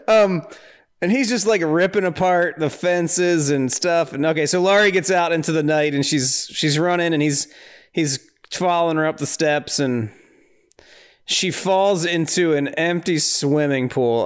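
A man's voice: a little high, unhurried, smooth. A man hosting a podcast, casually recapping a horror film scene by scene, rambling and incredulous, often laughing. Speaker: podcast host.

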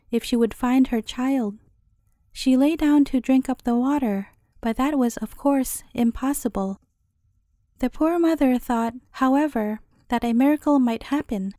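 A woman narrating a fairy tale as a gentle, measured bedtime story reading. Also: on the high side, no echo, clean studio sound.

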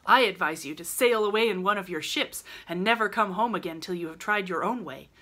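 A woman's voice: medium pitch, fairly quick, bright, forceful tone. A woman reading aloud, voicing a bold, spirited teenage girl who speaks eagerly. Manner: eager, adventurous.

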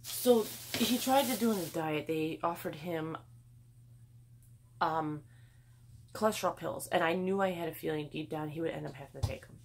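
A woman's voice: sits low, gravelly. A middle-aged woman chatting at home in a rambling haul vlog, swearing freely as she talks. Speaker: vlogger. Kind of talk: casual haul vlog chat. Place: home, indoors.

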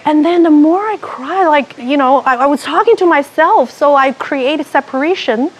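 A woman with a high voice gives a personal testimonial. She tells her story with animation and voices her own thoughts as she goes. Her English has non-native phrasing. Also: moderate pace. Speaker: retreat participant.

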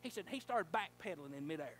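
A male pastor preaching a sermon in a church, telling a folksy story and rising to fervent shouting. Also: fairly high pitch, lively intonation, fast, slight background noise. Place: church sanctuary.

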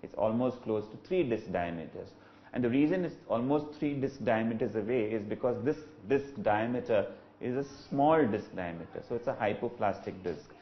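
A man, an eye doctor, giving a clinical webinar lecture in a measured, explanatory way with frequent "uh" fillers. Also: medium pitch, animated, dull audio, slight background noise. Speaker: ophthalmologist lecturer.

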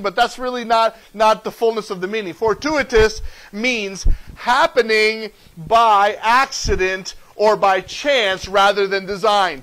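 A man preaching a sermon in a church, animated and joking as he teaches from scripture. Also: sits high, poor audio. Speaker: pastor. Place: church sanctuary.

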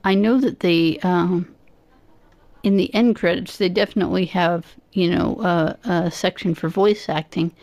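A woman's voice: lowish voice, steady tone, a little slow, a little mellow, no echo. Thoughtful woman chatting in a dry room. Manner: thoughtful, hesitant, many fillers. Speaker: podcast guest co-host. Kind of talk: casual podcast chat.

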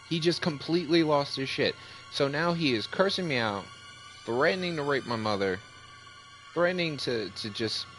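Gaming host, male, lower voice, loose storytelling commentary, livens up in the retelling, light music bed. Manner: animated storyteller, voice jumps up when retelling. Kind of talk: casual gameplay commentary storytelling. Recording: faint music behind.

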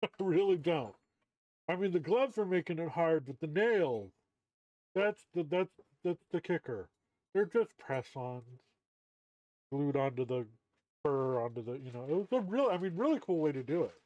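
A man's voice: fairly high pitch, animated, moderate pace, darkish tone, dry recording. A man chatting casually on a game stream, his voice stuffy and muffled through a costume mask, joking, chuckling often and swearing freely. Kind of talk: casual live-stream chat. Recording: dull muffled lo-fi audio.

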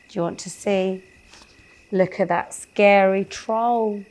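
A woman reads a children's bedtime story at a slow, unhurried pace. She speaks gently and often stops to ask her young listeners questions. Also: medium pitch, fairly even intonation. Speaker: storyteller for a kids show.

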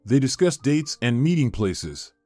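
A man narrating a story with a lively, rising and falling pitch. The sound is dry and close to the mic, and soft music runs underneath. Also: a little slow, dry recording. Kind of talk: scripted narration.

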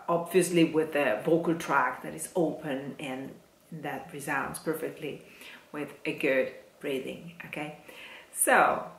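Italian woman teaching diction, slow and roomy. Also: on the low side. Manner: demonstrates phrases slowly, syllable by syllable. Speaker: singing teacher. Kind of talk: Italian diction lesson for singers. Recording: roomy echo.

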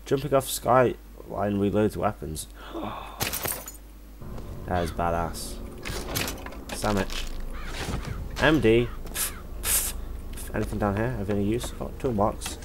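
A man's voice: fairly low pitch, a little slow, background noise. A man doing let's play commentary, sarcastic and swearing, with bursts of alarm. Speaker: gameplay commentator. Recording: game music playing underneath.

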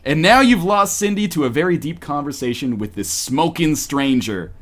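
Animated man reading a romance story aloud. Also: fairly high pitch, moderate pace. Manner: animated, breaks off for joking asides. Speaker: podcast co-host.

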